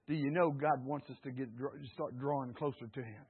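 A man preaching a fervent sermon, rising to shouts and dropping low, calling on his congregation to repeat after him, his throat slightly hoarse. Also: steady tone, a little fast, phone-quality sound.

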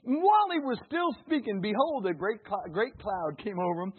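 A man preaching a sermon. He swings from soft asides to loud, shouted climaxes, with chuckles along the way. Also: high voice, animated, normal speed, breathy edge. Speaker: pastor. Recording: tinny phone-like sound.

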